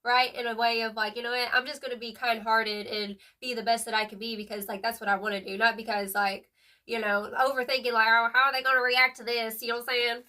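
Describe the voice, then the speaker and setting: Bright-voiced woman chatting through a tarot reading. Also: on the high side, little pitch movement, fast talker, distant mic. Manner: chatty, emphatic, lots of "like" and "period"; slangy, affectionate, calls the viewer "boo-boo". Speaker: tarot reader. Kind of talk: casual tarot reading to camera.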